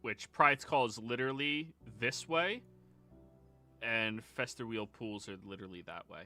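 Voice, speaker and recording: A man's voice: mid-range voice, a little slow, sharp tone, faint music behind. A man running a tabletop game as game master, dry and matter-of-fact.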